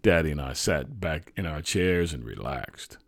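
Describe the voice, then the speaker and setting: A man reading his own true childhood story aloud in a measured, reflective way. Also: rumbling low, lively intonation, husky, no echo, clean studio sound. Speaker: storyteller, podcast host.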